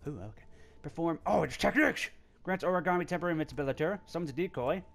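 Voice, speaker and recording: A gameplay video host with a fairly high voice gives rapid-fire, playful let's-play commentary. He talks directly to the game and keeps breaking into squeals and laughter.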